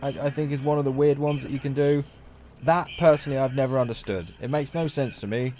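A man talks through a video game as a channel host. He chats, rambles and jokes as he plays, at a medium pitch. Faint background noise sits under his voice. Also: fairly even intonation, fast, warm tone. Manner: chatty, rambling and jokey, laughs often. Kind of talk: let's play commentary.

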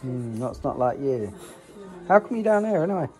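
A man's voice: mid-range voice, big pitch swings, moderate pace, a little mellow. A man vlogging chattily at home on a handheld phone, joking and rambling. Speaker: family vlogger. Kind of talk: casual chat to camera. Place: family home, kitchen.

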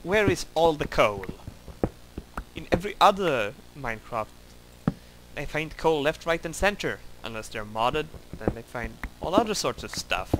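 Male let's-play commentator, lively pitch, slightly high voice, dry self-mocking grumbles, steady noise under the mic. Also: a little slow. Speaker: gameplay commentator.

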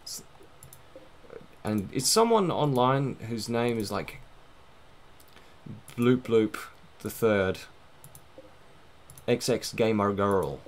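A man's voice: on the low side, animated, slow pace, long pauses. A man giving casual, rambling, self-mocking commentary while playing a game, swearing now and then. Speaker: gaming let's-play host.

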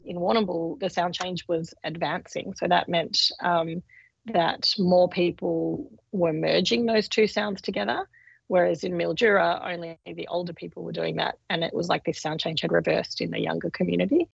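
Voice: medium pitch, fairly even intonation, moderate pace, vocal fry, husky, no echo, lo-fi sound. A linguist explaining research findings in a careful, explanatory interview.

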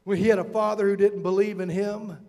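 A man preaching to his church with a strikingly high voice. He tells stories calmly, then rises into shouted, fervent appeals. The sound carries a long echo from the hall. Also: fairly quick. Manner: preaching with rising shouted passages and dramatic quotes. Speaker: pastor. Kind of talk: sermon.

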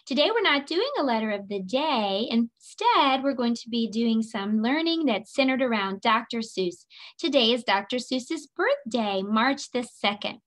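A woman's voice: on the high side, lively intonation, measured pace, a bit bright. A woman teaching phonics to young children, patiently sounding out letters, repeating them and cheering the listener on. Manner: encouraging, playful sing-song prompts.

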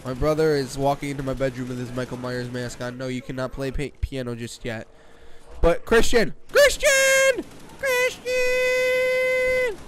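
A young man in his late teens doing rambling, jokey gameplay commentary from his bedroom, excitable and prone to sudden screams. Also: mid-range voice, fast talker, few pauses, noisy background. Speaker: gaming channel host. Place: own bedroom.

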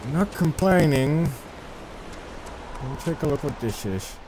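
A man casually commenting on his own gameplay, rambling and self-deprecating, with sudden excited outbursts. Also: fairly high pitch, unhurried, slight background noise. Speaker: let's play gamer.

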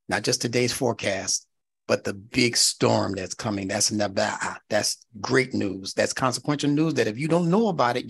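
Gravelly-voiced man lecturing a class. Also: fairly low pitch. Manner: animated, teacherly, rising to emphatic peaks, checks with "right?". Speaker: instructor.

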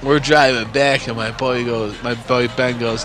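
A man's voice: medium pitch, steady tone, unhurried, few pauses, noisy background. A man in his forties from New York State telling a story casually, rambling and swearing constantly. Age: 40s.

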